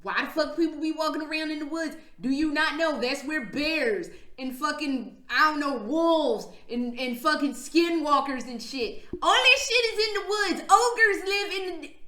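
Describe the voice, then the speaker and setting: A woman's voice: sits high, moderate pace, few pauses, pushed and bright. A woman vlogging, retelling stories in a casual, profane, slang-heavy way with frequent laughs. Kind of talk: casual storytelling vlog. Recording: echoey room.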